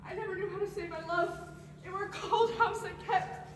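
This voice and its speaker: A teenage girl playing a humble, remorseful Puritan wife pleading with her husband in a high school stage play. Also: steady tone, brisk. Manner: pleading, tearful. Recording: echoey hall from far off, noisy phone.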